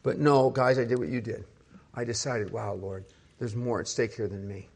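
An older man, a pastor, preaching a conversational sermon full of rhetorical questions, dropping to a soft, hushed voice when he retells personal moments. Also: medium pitch, steady tone, moderate pace.

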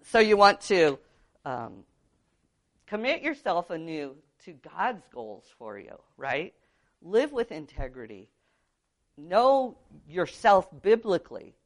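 A woman with a somewhat low speaking voice teaches biblical counseling. She talks earnestly and casually, checking in with her listeners as she goes. She sounds middle-aged and comes from California. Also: fairly bright tone. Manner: earnest, conversational, frequent "um" and "right?". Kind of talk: teaching talk with personal testimony.

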